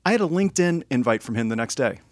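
In studio-quality audio with no room sound, a man of medium pitch speaks at a quick pace. He co-hosts a relaxed podcast conversation, telling a story animatedly and acting out the quotes.

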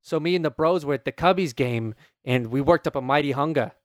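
A man voicing a rowdy young Chicago sports-fan bro with a mock Chicago accent, swearing and fast. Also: fairly high pitch, no room sound, studio quality, natural voice.

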